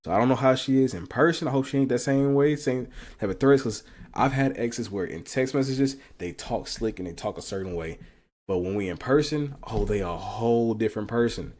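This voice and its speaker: A man's voice: medium pitch, fairly quick, a little mellow. A man hosting a casual reaction commentary, talking bluntly with profanity and frequent laughs. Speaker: commentary channel host.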